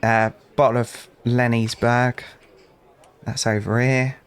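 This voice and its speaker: A man's voice: mid-range voice, flat delivery, slow, clean tone. A young British man casually commentating a game, chatting to customers and telling rambling anecdotes with dry asides. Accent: British English. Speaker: gaming channel host. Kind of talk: casual let's play commentary.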